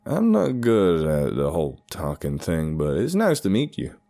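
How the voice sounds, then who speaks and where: A man's voice: medium pitch, sing-song, normal speed, creaky, mellow, pitched above the performer's own voice. A man voicing an awkward, anxious young man who turns pleading and urgent. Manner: hesitant, then raised and urgent.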